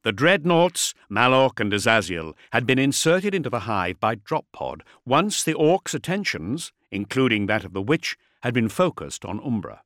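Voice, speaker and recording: A man reading a story aloud as scripted narration, with an expressive, dramatic delivery. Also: mid-range voice, normal speed, hardly any pauses, no room sound, clean studio sound. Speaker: audiobook narrator.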